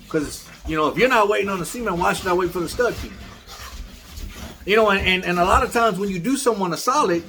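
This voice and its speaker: A man's voice: sits high, sharp tone, slight background noise. A man who breeds dogs, telling a story in a blunt, casual way and talking straight to his viewers. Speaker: dog breeder.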